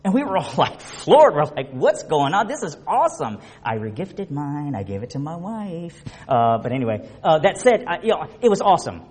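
A middle-aged man preaching a conversational sermon, telling stories in a chatty, animated way with many restarts. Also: a little high, normal speed, hardly any pauses. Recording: reverberant hall.

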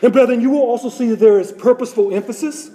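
A man delivers a sermon in a high, mellow voice. He repeats key phrases for emphasis and poses rhetorical questions to his listeners. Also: fast talker. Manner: repetitive, rhetorical questions to congregation. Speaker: preacher.

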